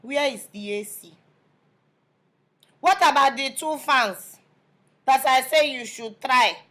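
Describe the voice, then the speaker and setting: Woman doing a wailing, high-pitched Nigerian First Lady. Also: a bit bright. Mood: complaining. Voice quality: drawn-out wailing, repeats "there is God, oh". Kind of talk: comedic impression skit.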